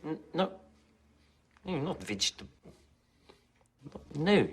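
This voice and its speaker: A folksy, teasing preacher, drawing out his words in a film sermon. His voice sits a little high for a man. The delivery stays playful and unhurried. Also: sing-song, slightly rough, heavily acted. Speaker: preacher addressing a congregation.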